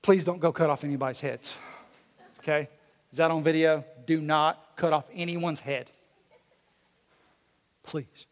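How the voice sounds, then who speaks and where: High-voiced animated preacher in an echoey hall. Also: male voice, a little slow, pauses often. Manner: animated storytelling, casual slang. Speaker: pastor. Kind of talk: sermon.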